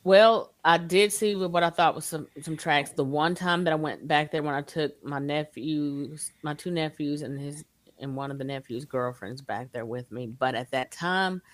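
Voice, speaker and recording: A woman, a guest telling her story in a casual, animated way. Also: low voice, normal speed, no echo.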